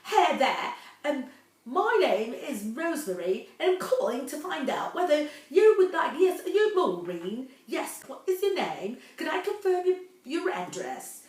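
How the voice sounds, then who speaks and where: A woman's voice: high-pitched, very animated, a little slow, a little mellow, voice pushed up. A woman putting on a brash, pushy female phone scammer with a put-on Cockney accent. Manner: brash, insistent, arrogant. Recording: roomy echo, distant mic.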